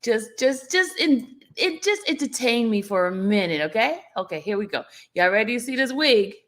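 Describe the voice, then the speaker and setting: A woman with a higher, sing-song voice hosts a relaxed livestream at a moderate pace. She greets her viewers one at a time by name, playfully teasing them and laughing often.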